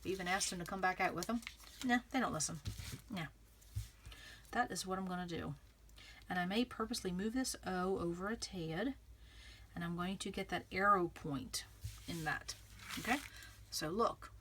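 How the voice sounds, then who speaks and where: A woman's voice: fairly low pitch, moderate pace, pauses often, a bit bright, a little hiss or hum. A woman vlogging a scrapbooking tutorial, chatting casually and thinking aloud as she works, often checking in with the viewer. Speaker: craft vlogger. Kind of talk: casual crafting tutorial, talking while working.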